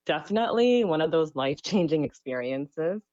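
A woman from Canada, a DJ and musician guest, speaking reflectively on a radio interview with many pauses and fillers. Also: deep voice, lively intonation, a little mellow, no echo, muffled recording.

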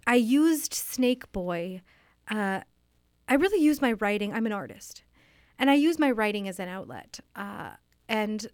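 A woman in an improvised comedy interview, earnest and wistful, halting with many restarts, speaking into a studio microphone. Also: mid-range voice, no echo. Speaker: interviewee playing a fictional author.

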